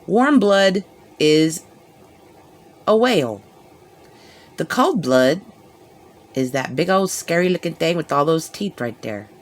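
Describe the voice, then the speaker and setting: Slow, lilting woman musing aloud. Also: lowish voice. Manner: musing aloud with rhetorical questions and soft giggles. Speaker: live video reactor. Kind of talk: rambling live reaction commentary.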